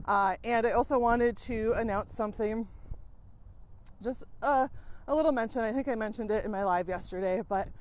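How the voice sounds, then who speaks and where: A woman coach talks frankly to her viewers in a casual monologue to camera, swearing casually and using many fillers. She's out of breath, with a fairly high voice at a moderate pace.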